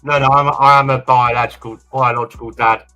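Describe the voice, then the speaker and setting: A man's voice: medium pitch, level tone, fast, over music. A British man, the girls' father, joining a video call with casual, dry teasing banter. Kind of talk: casual chat.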